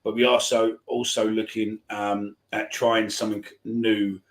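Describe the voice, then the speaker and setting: A man's voice: on the low side, flat delivery, a little slow. A man hosting a football fan podcast, talking in a loose rambling way. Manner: rambling, lots of ums and restarts. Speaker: podcast host. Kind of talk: casual chat.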